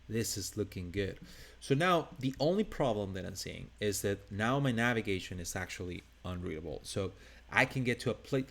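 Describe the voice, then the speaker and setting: A man's voice: medium pitch, vocal fry. A man with a non-native English accent teaching a live design tutorial, talking casually and thinking aloud as he works. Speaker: design instructor.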